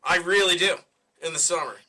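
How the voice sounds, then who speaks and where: Man, podcast co-host, casual chat, agreeable, chimes in, bright forceful tone, a bit high. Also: fairly quick.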